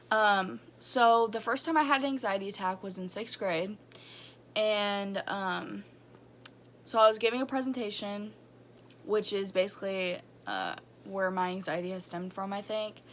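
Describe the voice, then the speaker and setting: A woman's voice: medium pitch, a bit bright, slight background noise. A young woman vlogging about her own experiences, candid and rambling, with many fillers. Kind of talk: personal story vlog.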